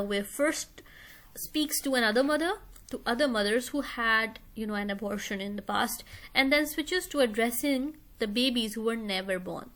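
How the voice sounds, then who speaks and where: A woman's voice: on the high side, fairly bright tone. A woman teaching a recorded English lesson on analyzing poetry, explaining step by step and often checking in with "all right?" and "okay?".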